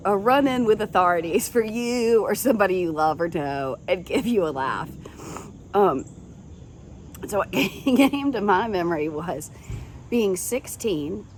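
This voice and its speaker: Lively, laughing woman storyteller. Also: mid-range voice, slight background noise. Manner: laughs often while telling stories; chatty, folksy address to listeners. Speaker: podcast host. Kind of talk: casual storytelling monologue.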